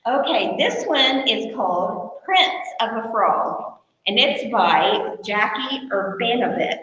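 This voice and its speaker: A librarian reading a picture book aloud to children, animated and playful, her voice climbing and dipping with each line. She reads slowly and clearly. The sound is distant, dull and boomy in a large echoing room. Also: a little hiss or hum. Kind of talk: storytime read-aloud. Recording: far-off echoey hall, muffled.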